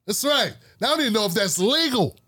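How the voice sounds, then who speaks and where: A man in his forties from the Washington, D.C. area hosts a podcast, casually telling stories and animatedly acting out the coworkers he quotes. He talks fast in a high-pitched voice with a breathy edge, captured in a dry, clean studio recording.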